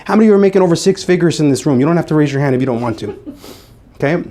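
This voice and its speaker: A man's voice: on the high side, animated, very fast, dark tone. Emphatic male motivational speaker. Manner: emphatic, repeats phrases for effect. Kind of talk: motivational speech to a live audience. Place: meeting room with an audience.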